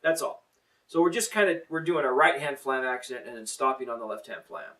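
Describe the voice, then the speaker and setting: A middle-aged man teaches a drum lesson, coaching in an encouraging, plain-spoken way at a middle pitch. He counts the student in and explains each step. The mic sits a little away from him. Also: brisk, distant mic, very noisy.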